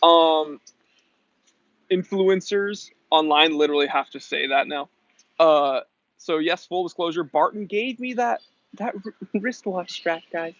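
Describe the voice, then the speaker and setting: A slightly high, somewhat bright male voice, recorded dry with a dull lo-fi quality. He runs a watch channel and hosts a casual live-stream Q&A, reading chat comments aloud and answering in a chatty, emphatic manner while quickly clarifying what he means.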